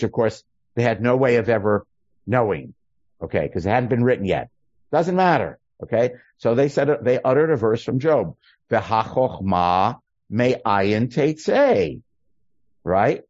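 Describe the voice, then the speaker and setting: A man teaching a class on a text, explaining lively and checking in with his listeners as he goes. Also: fairly low pitch, no room sound, highs cut off. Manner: animated, questioning, checks in with "okay?" and "right?". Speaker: teacher leading a study class.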